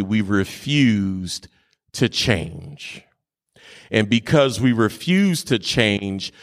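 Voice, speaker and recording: A pastor preaching a sermon with fervent delivery, moving between shouted sing-song peaks and quieter teaching. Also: male voice, medium pitch. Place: church sanctuary. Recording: long hall reverb.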